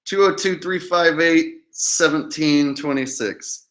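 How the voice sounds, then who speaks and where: A man's voice: fairly high pitch, slow pace, fairly bright tone. A man hosting his own livestream, talking casually in a profane, defiant way and mocking his critics. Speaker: channel host.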